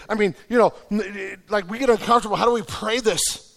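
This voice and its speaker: Pastor guy giving a sermon, kinda high voice, goes quiet then loud and urgent, big reverby church hall. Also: a little fast, vocal fry.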